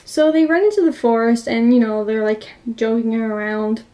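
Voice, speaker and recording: Young woman with a mellow tone, gushing as she recaps a movie plot. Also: fairly high pitch, normal speed. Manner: gushing, filler-heavy storytelling. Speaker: movie reviewer.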